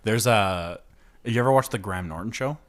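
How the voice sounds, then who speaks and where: A man's voice: fairly low pitch, brisk. A man co-hosting a casual podcast chat, telling anecdotes, laughing and swearing freely. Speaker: podcast co-host.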